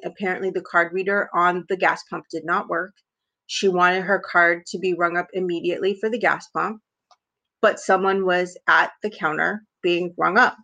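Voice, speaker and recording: A woman's voice: on the low side, bright, forceful tone. A woman tells stories on a podcast in a loose, chatty way. She leans on fillers and adds wry, indignant asides. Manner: chatty, heavy use of "like" fillers. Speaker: podcast co-host. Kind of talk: casual storytelling.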